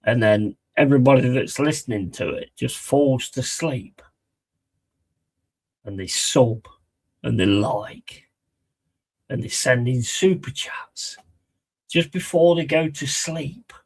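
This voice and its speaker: A man's voice: mid-range voice, expressive, slow pace, long pauses, darkish tone, low-quality recording. A man chatting casually on a live stream, rambling, mocking and swearing a lot.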